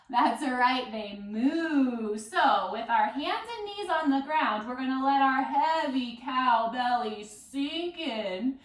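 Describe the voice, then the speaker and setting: A woman's voice: high voice, fairly bright tone. A woman leading a children's yoga class with a story, playful and sing-song, doing animal sounds. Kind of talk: guided kids' yoga with storytelling. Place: library room. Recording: roomy echo, voice from far off.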